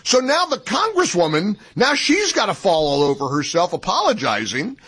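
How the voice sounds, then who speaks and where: A man co-hosting a talk radio show, incredulous and animated, often breaking into laughter. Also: high-pitched, normal speed, husky. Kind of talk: casual on-air banter.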